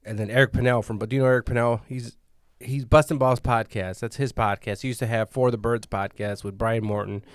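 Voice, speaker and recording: A man's voice: medium pitch, fairly even intonation, brisk, smooth, dry recording, studio quality. A man hosting a podcast at a comedy club, chatting casually and rambling, often trailing off and starting over. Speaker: podcast host. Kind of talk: casual chat.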